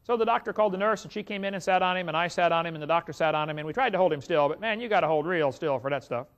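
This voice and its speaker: A man with a high, bright-pitched voice preaches in an animated, folksy way and keeps turning to his audience. The recording sounds dull and lo-fi, as if it came from an old tape. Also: very fast. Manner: folksy, animated storyteller who speaks to the audience directly. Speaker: evangelist. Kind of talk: storytelling sermon to an audience.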